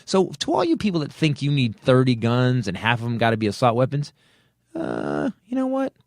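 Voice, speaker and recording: A man's voice: brisk, gravelly, no room sound, studio quality. A man hosting a comedy podcast, ranting angrily and swearing at the state of the country. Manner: angry, swearing rants with lively swings of pitch. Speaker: podcast host. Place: podcast studio.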